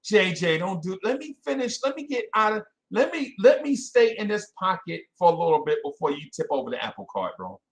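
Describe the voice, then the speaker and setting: Animated New man hosting fans. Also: high-pitched, brisk, few pauses. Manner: animated, self-correcting, talks to chat by name. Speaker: podcast host. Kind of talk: casual live-stream chat with fans.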